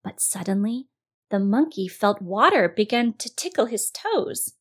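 A woman narrating a children's storybook, expressive and speaking straight to the young listener. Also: mid-range voice, unhurried, husky.

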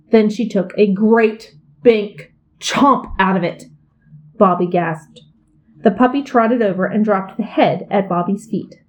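A woman reads a children's picture book aloud with playful emphasis. Her voice is at a middling pitch and carries the story along. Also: highs cut off.

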